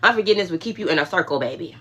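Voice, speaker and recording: A woman's voice: lowish voice, expressive, very fast, a bit bright, breathy edge. A woman hosting a livestream, giving a casual, emphatic faith talk with conversational asides. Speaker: livestream host.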